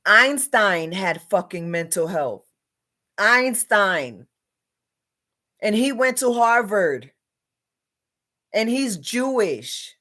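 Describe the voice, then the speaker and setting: A woman's voice: medium pitch, fairly bright tone. A woman delivering an agitated, unscripted monologue rant, swearing constantly and repeating herself. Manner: profane, repetitive, agitated ranting.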